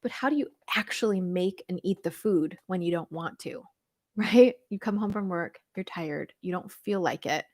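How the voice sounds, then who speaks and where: A woman's voice: on the low side, normal speed, dry recording, clean studio sound. Chatty woman coach answering livestream questions. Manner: chatty and animated, laughs often, many fillers. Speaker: weight-loss coach. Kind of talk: livestream Q&A, reading viewer comments.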